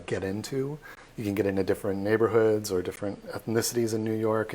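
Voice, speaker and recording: A man's voice: lowish voice, breathy edge. A man tour guide giving a live online virtual tour, chatty and self-deprecating with plenty of fillers.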